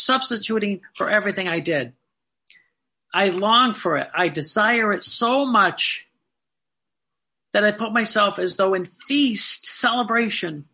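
A man delivering a fervent sermon in a high, very bright voice. He talks earnestly, repeating key phrases for emphasis and reading passages aloud. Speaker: preacher.

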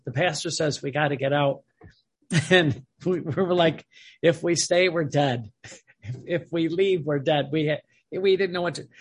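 Gravelly older man rambling through a sermon. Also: fairly high pitch, a bit bright. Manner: rambling, many restarts, chuckling. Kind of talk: sermon with personal stories.

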